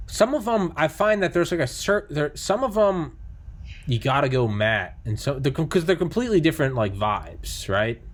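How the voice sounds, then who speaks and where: A man's voice: a little high, big pitch swings, moderate pace. A man chatting casually about video games, rambling with lots of fillers, restarts and swearing. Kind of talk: casual chat.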